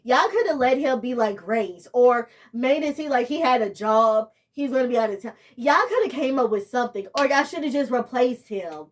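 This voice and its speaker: Young woman, emotional rambling vlogger, slightly high voice. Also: animated, normal speed, hardly any pauses. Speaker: TV show reviewer. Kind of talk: casual vlog review.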